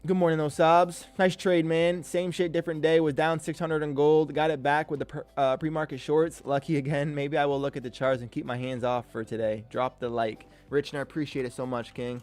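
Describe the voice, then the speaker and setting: A man's voice: a little high, flat delivery, fairly quick, hardly any pauses, a little mellow, faint music behind. A man hosting a live day-trading stream, chatting casually and hyping up viewers in slangy, upbeat talk. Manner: hype, calls viewers "King", slangy and upbeat. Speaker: day-trading livestream host.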